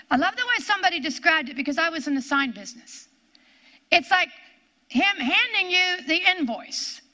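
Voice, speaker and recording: Older woman preaching a bible lesson, high bright voice, earnest, repeats herself, goes to a whisper sometimes. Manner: earnest, repeats phrases, drops to hushed whispers for emphasis. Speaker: Bible teacher. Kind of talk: sermon.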